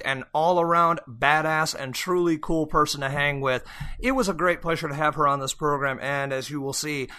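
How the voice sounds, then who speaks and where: Chatty, bright-voiced male podcast host. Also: a little high. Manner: chatty and upbeat, with joking asides. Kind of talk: casual podcast intro and announcements.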